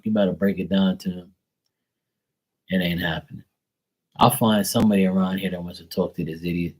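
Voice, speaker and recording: A man's voice: mid-range voice, darkish tone, rough recording. A man, a tarot reader, telling stories casually on a live stream, blunt and profane.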